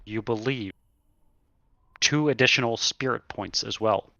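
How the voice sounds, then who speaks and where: A man runs a tabletop horror game as game master, narrating slowly with dramatic pauses. His voice is bright and clear, close and dry, on a slightly muffled lo-fi recording. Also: mid-range voice, no echo.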